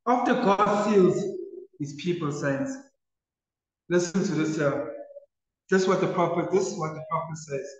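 Slow, emphatic preacher in echoey hall. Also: male voice, fairly high pitch, far from the mic. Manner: repetitive, emphatic preaching with swings between loud and soft. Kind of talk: sermon. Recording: echoey hall, dull lo-fi sound.

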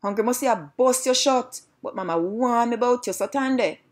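A woman's voice: fairly high pitch, a little fast, voice pushed up, lightly acted. A woman voicing a clever, cheeky little male piggy in a storybook, talking back in sassy Jamaican patois. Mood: defiant.

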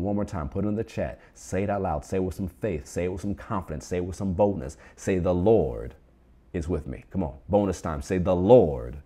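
Deep, husky-voiced man preaching. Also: dark tone. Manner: preaching with call-and-response prompts to the online congregation. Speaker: pastor. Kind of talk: sermon.

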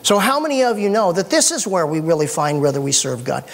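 A middle-aged man preaching a sermon as pastor, folksy and animated with joking asides. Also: a little high, quick pace, gravelly.

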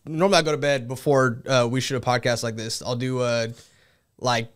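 A man's voice: medium pitch, fairly even intonation, fairly quick, clean tone. A man in his thirties talking reflectively in a casual chat, hesitant and restarting his sentences. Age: 30s.

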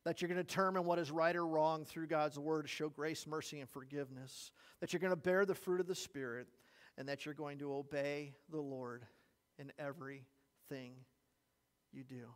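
High-voiced preacher in an echoing church. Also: male voice, normal speed. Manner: earnest preaching, animated storytelling. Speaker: pastor. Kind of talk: sermon. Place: church sanctuary. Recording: long reverb of a church hall.

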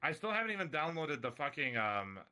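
A man joking around on a voice call, talking fast. His voice is sharp and very bright, and he swears casually. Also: a little high, sing-song.

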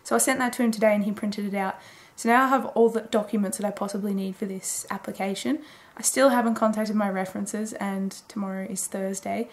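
A woman's voice: mid-range voice, fairly even intonation, a little fast, hardly any pauses. A woman in her twenties rambling casually through a late-night video diary, chatty and full of fillers. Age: 20s. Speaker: daily vlogger.

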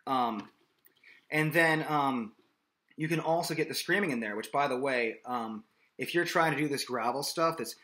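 A man's voice: mid-range voice, moderate pace, bright, forceful tone. A man teaching a singing lesson in a casual, explanatory way, often checking in with "okay?". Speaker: vocal coach. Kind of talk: singing lesson with sung demonstrations.

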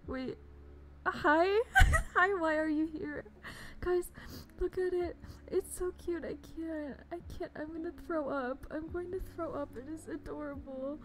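A high-voiced woman streamer, gushing and giggly, speaking slowly as she greets viewers during a casual live stream. Her speech is unhurried, with faint noise behind her. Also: fairly even intonation.

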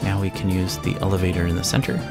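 A man casually commenting on a game he plays, explaining mechanics in a relaxed, self-correcting way into a sensitive desk mic. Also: sits low, fast. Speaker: let's play host. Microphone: sensitive desk microphone. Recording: game music under the voice.

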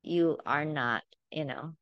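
Woman Bible study teacher, lowish voice, dry close sound, earnest and emphatic, talks like a casual sermon. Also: slow, no room sound, lo-fi sound. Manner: earnest, emphatic, conversational preaching.

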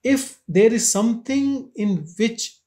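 Trage, bespiegelende spirituele leraar. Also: male voice, very high-pitched, expressive, darkish tone. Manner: slow, questioning, with long pauses. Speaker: spiritual teacher leading satsang. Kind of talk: slow contemplative spiritual talk. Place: meditation centre hall.

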